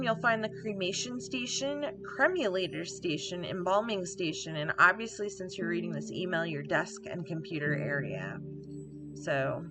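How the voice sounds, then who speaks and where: A woman giving casual gameplay commentary, reading on-screen emails aloud and adding offhand asides. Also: on the low side. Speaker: let's play gamer. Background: game music.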